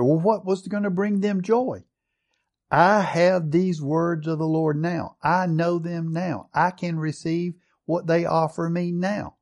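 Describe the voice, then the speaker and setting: A man preaching a sermon, reading scripture aloud and putting questions to his listeners, slowing down low for emphasis and then picking up speed. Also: fairly even intonation, darkish tone. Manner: asks the congregation questions and reads scripture aloud.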